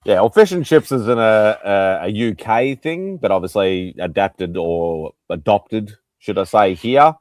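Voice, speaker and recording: Joking man, low dry voice. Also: measured pace, hardly any pauses, a little mellow, dry recording. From Australia. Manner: joking, rambling, laughs often. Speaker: host. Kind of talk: casual chat on a livestream panel.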